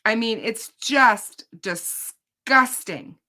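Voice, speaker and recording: A woman's voice: fairly high pitch, very slow, bright, forceful tone. A woman hosting a true crime channel, telling viewers about her day in court in an emphatic, indignant casual way.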